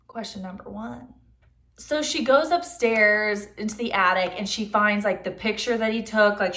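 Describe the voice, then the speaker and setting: A young adult woman casually reviewing a film for her vlog, chatty and exasperated, with a steady stream of "like". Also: mid-range voice.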